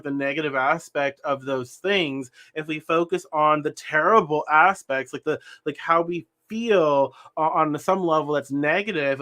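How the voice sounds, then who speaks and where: A man's voice: on the high side, bright, forceful tone. A young man giving a spiritual tarot reading, earnest and meandering, often restarting sentences and talking with his hands. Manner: earnest, meandering, self-correcting. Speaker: tarot reader.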